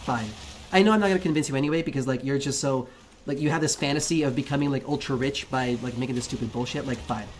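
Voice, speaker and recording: A man's voice: medium pitch, fast talker, a little hiss or hum. Man ranting heatedly with profanity. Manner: frustrated arguing with chat. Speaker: livestreamer. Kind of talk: casual chat.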